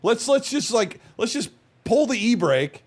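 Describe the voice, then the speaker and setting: A man's voice: very high voice, big pitch swings, unhurried. A man hosting a casual gaming podcast, talking defensively with frequent restarts. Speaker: podcast host.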